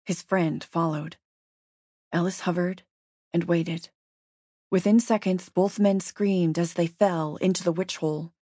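A woman narrating a story in a steady, measured audiobook reading. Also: fairly low pitch, no echo, studio quality.

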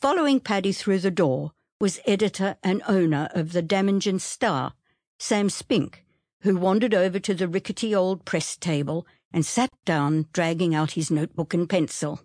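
A woman narrating an audiobook in a steady, even storytelling manner, close to the mic. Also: on the low side, a little slow, dry recording.

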